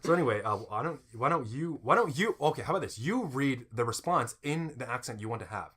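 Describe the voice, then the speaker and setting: A man's voice: mid-range voice, animated, fast talker, fairly bright tone, breathy edge. A man co-hosting a podcast, playfully explaining things with many restarts. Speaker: podcast co-host. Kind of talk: casual chat.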